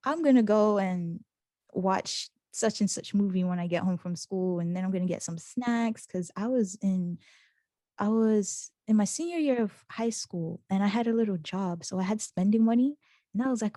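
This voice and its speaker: A woman's voice: medium pitch, normal speed, no echo, clean studio sound. A young woman, a student, telling a story in casual chat and acting out the voices of people she quotes. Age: young adult. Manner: animated, acts out quoted voices with laughter. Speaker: student interviewee.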